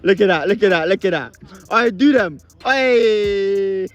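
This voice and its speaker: A man's voice: sits high, expressive, unhurried, highs cut off, faint music behind. Young man, whooping from the sideline. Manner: laughing, teasing, loud whoops. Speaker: sideline commentator filming friends' football. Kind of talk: excited slang-heavy sideline banter.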